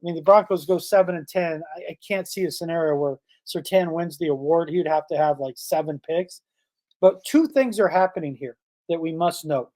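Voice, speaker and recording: A man's voice: a little high, fairly quick, a little mellow. A man hosting a sports podcast, talking in a casual, emphatic way and firing off rhetorical questions. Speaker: podcast host.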